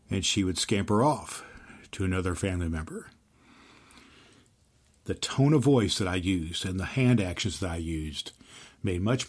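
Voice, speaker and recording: A man hosting an inspirational podcast, giving an earnest faith-based teaching and telling stories, slowing down to stress key phrases. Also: low voice, a little mellow. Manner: earnest, with slowed emphatic phrases and storytelling. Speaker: podcast host and Christian teacher.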